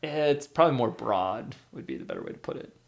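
A male podcast host with a gravelly, creaky voice at an ordinary pitch. He chats casually about movies and quizzes his guest in a playful, talkative manner. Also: wildly swooping pitch, brisk.

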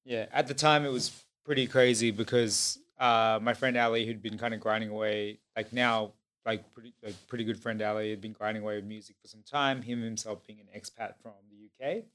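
A man's voice: on the low side, fairly even intonation, a little fast, few pauses, a bit bright. A man hosting a podcast, rambling in casual chat with many fillers. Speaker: podcast host.

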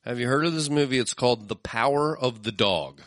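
Upbeat male co-host, bright voice, animated delivery, close and dry. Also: mid-range voice, brisk, no room sound. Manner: animated, laughs often, acts out quotes. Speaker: podcast co-host. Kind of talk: casual chat.

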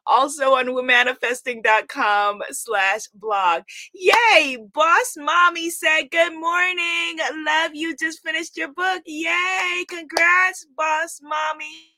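Loud, exuberant woman hosting a live stream. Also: high-pitched, slow, no echo. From Guyana. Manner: loud, exuberant, greets viewers by name. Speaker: livestream host.

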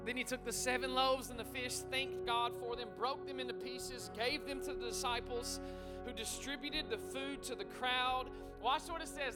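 A man preaching a lively interactive sermon, calling out to the congregation and talking quickly and chattily. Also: extremely high pitch. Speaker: pastor. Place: church sanctuary.

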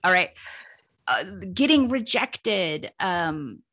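Ożywiona, jasna kobieta opowiadająca anegdoty. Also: female voice, slow pace. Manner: lively, laughing, jumps up in pitch when telling funny bits. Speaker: guest, humor writer. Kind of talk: animated storytelling in an interview.

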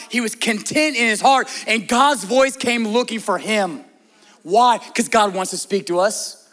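A male pastor delivering a conversational sermon, often asking the congregation direct questions and moving between emphatic lines and soft, hushed prayer. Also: high-pitched.

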